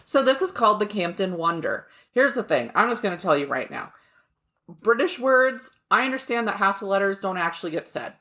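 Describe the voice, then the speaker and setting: A woman's voice: mid-range voice, lively intonation, a little fast, pushed and bright. A woman co-hosting a podcast from the United States, telling a story in a casual, joking way, cursing now and then. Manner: chatty, laughing, swears casually, jokes about pronunciation. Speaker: podcast co-host.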